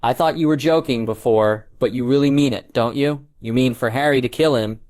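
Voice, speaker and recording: A man's voice: medium pitch, fairly quick, darkish tone, natural voice. A male audiobook narrator voicing a worried, motherly middle-aged woman. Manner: anxious, incredulous. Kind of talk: audiobook character reading.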